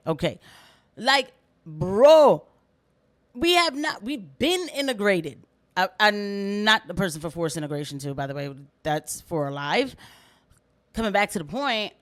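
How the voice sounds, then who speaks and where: A woman hosting a reaction commentary vlog, animated and rambling as she talks straight to her viewers. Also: a little high. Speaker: commentary vlogger.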